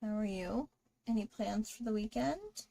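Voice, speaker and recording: A woman's voice: medium pitch, lively intonation, moderate pace, creaky, dark tone. A woman hosting a live drawing stream, chatting casually with viewers and greeting them while she draws. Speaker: livestream artist host.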